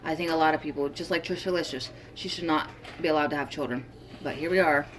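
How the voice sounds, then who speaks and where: A young woman chatting casually in a vlog, her voice sitting a little low for a woman. She rambles, circles back and fills gaps with ums and likes. A faint background noise runs under the recording. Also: steady tone, fast talker. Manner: chatty, rambling, with many fillers and restarts. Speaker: vlogger.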